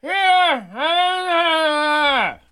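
A man voicing a dying holy man on a cross in a shrill, exclaiming voice. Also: animated, slow pace, pushed and bright, dry recording, clean studio sound, exaggerated voice.

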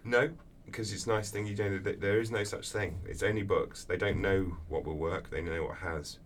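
A man answering interview questions as an author, telling lively anecdotes with acted-out voices. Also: deep voice, normal speed. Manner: animated storyteller, acts out voices in anecdotes. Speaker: author guest. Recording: distant mic with faint background noise.

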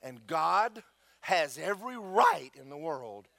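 A pastor with a slightly high voice and some vocal fry preaches slowly to his church, with no echo on the recording. He's an animated storyteller, joking and telling stories straight to the congregation.

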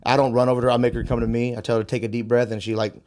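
A young adult man in a relaxed podcast conversation, speaking at an average pitch. He tells stories candidly and loosely, often repeating a phrase as he works through a thought. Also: rapid-fire. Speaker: martial arts instructor.

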